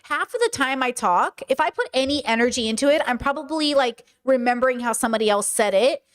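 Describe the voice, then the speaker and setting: A woman's voice: high-pitched, animated, fast. A woman with a Valley girl accent hosting a livestream monologue, reading chat aloud and often tagging her sentences with "okay?" and "you know?". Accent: California Valley girl. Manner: talkative, frequent "okay?" and "you know?" tags; mimics other people's voices and mannerisms. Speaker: streamer and podcast host.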